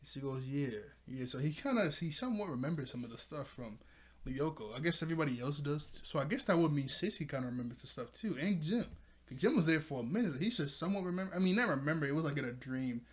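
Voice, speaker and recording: A man's voice: fairly high pitch, animated, fast. A man casually recapping a cartoon episode. He rambles, repeats himself and laughs a lot.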